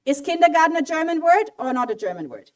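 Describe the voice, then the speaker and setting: A woman running an interactive quiz for a college audience in a hall, lively and coaxing as she asks for votes. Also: high-pitched, quick pace. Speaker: German language speaker at a college event. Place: auditorium mini hall. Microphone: handheld mic.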